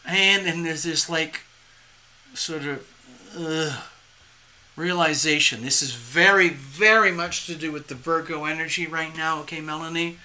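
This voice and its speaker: During a live tarot reading, the reader rambles animatedly at an unhurried pace in a mid-range voice. They act out the inner voices they describe and laugh at their own jokes.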